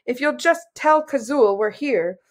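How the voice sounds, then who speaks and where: Woman reads a determined young princess; brisk and urgent. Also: high-pitched, animated, pitched above the performer's own voice. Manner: urgent and pleading.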